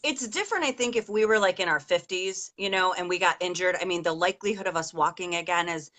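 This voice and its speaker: Low-voiced woman telling a story. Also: fast talker, pushed and bright. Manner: rambling, emotional storytelling with many fillers. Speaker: interviewer, mother of an injured daughter. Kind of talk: casual video-call interview.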